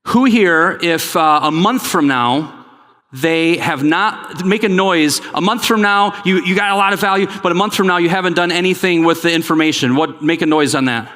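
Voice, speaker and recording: Energetic keynote speaker in a big hall. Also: male voice, on the high side, normal speed. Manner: energetic, joking, pushes the crowd to respond. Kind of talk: conference keynote. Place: large conference hall. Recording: long hall reverb.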